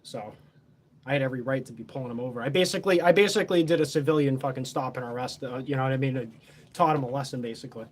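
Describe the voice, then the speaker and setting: A man's voice: medium pitch, racing. A man telling a story in a casual, boastful, heavily profane, rambling way.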